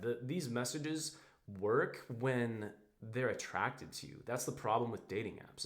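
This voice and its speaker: A man coaching other men on dating in a blunt, slangy monologue. He swears casually, keeps tossing in "bro" and "right?", and acts out text exchanges in quick quoted voices. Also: mid-range voice. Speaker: dating and social-circle coach. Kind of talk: direct-to-camera advice monologue.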